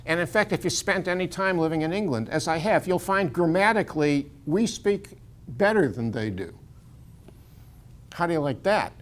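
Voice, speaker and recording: A man's voice: fairly high pitch, animated, moderate pace. An older American man lecturing as a university professor in a casual, digressive way, chuckling often and restarting his sentences. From United States.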